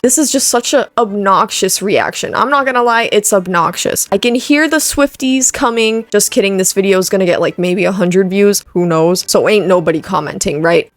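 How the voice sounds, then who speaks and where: A woman's voice: medium pitch, dry recording. A young woman hosting a reaction video, talking casually in a blunt, sarcastic way and swearing freely.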